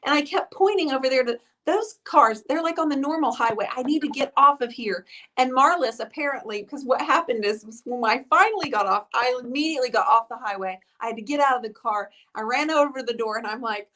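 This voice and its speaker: A woman hosts a casual live stream, her voice sitting a little high. She tells stories with bubbly, effusive warmth, talking straight to her viewers. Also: a little fast, low-quality recording. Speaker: host of a live painting stream.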